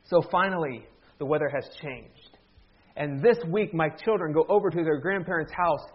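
A man's voice: on the high side, moderate pace, breathy edge, lo-fi sound. A middle-aged man preaching a humorous sermon in a church, telling stories with a joking, self-deprecating manner. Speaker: pastor. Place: church sanctuary.

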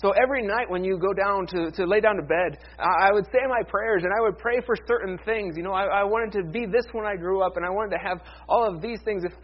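A man preaching a conversational, animated sermon as pastor, with playful asides. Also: high voice, fast, hardly any pauses, dull audio.

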